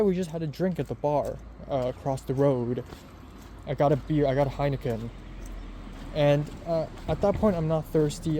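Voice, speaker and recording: Twenty-something guy rambling through a story for his vlog, chatty, lots of likes and ums, mellow voice, faint birds outside. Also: mid-range voice, a little hiss or hum. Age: 20s. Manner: rambling, chatty, many fillers. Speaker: vlogger.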